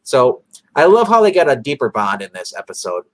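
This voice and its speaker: A man's voice: medium pitch, big pitch swings, fairly quick, no echo, low-quality recording. A man co-hosting a casual episode recap, rambling with many fillers and acting out characters' lines. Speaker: podcast co-host.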